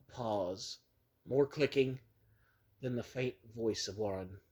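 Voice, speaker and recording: A man narrating a horror story in a grave, measured storytelling manner. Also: mid-range voice, a little mellow, slightly rough. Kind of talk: dramatic reading of a horror story.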